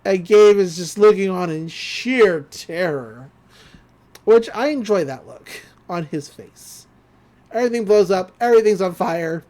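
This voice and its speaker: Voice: medium pitch, unhurried. A podcast host retelling a cartoon episode scene by scene with laughter. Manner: animated retelling with frequent laughs. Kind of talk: casual episode recap.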